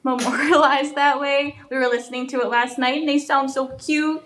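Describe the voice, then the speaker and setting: Woman guest, mother, high voice, affectionate. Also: steady tone, normal speed, fairly bright tone.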